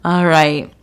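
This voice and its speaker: A woman's voice: lowish voice, clean tone. A middle-aged woman hosting a casual tea leaf reading, rambling and meandering with lots of fillers. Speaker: tea leaf reader, channel host.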